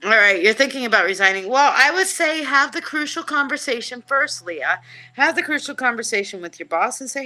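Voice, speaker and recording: A woman's voice: high-pitched, a little fast. Hyped-up woman hosting a live psychic show. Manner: hyped, animated, joking, reading chat comments aloud. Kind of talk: live-stream casual chat.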